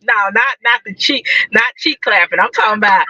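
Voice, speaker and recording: A woman's voice: fairly high pitch, expressive, fairly quick, hardly any pauses, sharp tone, dry recording, highs cut off. A woman live-streaming casual chat to her viewers from a parked car, talking freely, repeating herself and laughing often. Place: parked car outside a building.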